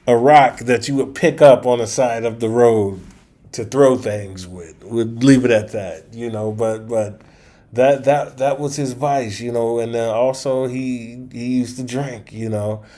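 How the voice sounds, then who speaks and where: A man talking straight to his viewers in a loose, unscripted monologue. He rambles and circles back, restarting sentences and dropping slangy asides, at a pitch in the middle for a man. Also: fairly even intonation, measured pace, mellow. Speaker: channel host. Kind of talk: casual storytelling monologue.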